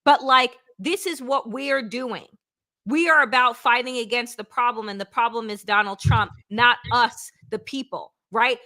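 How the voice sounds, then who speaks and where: A woman's voice: on the high side, bright, forceful tone. A woman hosting a political talk show, speaking emphatically and swearing for emphasis. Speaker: host.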